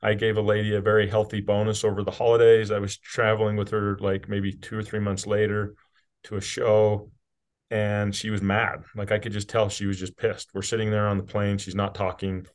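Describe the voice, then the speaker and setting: A middle-aged company CEO from rural Utah, USA, speaks candidly as a guest on a podcast. His voice is fairly low and monotone at a normal speed, and his manner is blunt and casual with the occasional swear word in this conversational interview.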